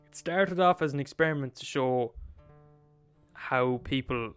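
Irish guy casually swearing his way through a story, smooth clear voice, bit of guitar music underneath. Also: mid-range voice, unhurried, dry recording. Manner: profane, repetitive, conversational. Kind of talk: casual storytelling retelling a history.

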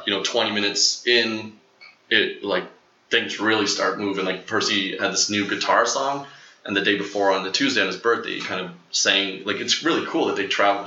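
A young man with a low, very bright and forceful voice tells a long personal story in loose, rambling chat. He leans on fillers and slips into little acted-out quotes as he goes. The recording sounds dull and lo-fi, in a roomy, echoing space. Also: fairly even intonation, moderate pace. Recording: echoey lo-fi room.

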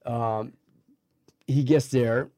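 With drawn-out words and a dark, steady, medium-pitched tone, a middle-aged man shares his life story as a guest, wandering off track, restarting, filling gaps and voicing other people's lines. The sound is studio quality with no room sound.

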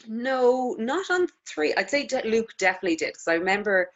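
Speaking as a casual interview guest, this Irish woman in her thirties, a lactation consultant, rambles through stories packed with "like" and other fillers. Her voice runs fairly high, expressive and brisk, though the audio sounds dull.

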